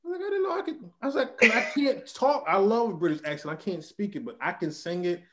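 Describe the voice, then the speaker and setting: A man hosting a casual podcast interview, animated and chatty. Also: high-pitched, fast, very noisy. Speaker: podcast host.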